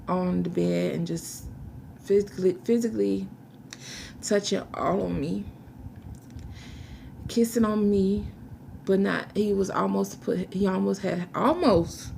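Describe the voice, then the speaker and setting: A young woman giving an emotional personal testimony to a camera, halting and searching for words while fighting back tears. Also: medium pitch, creaky, a little mellow, a little hiss or hum. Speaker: vlogger telling her life story.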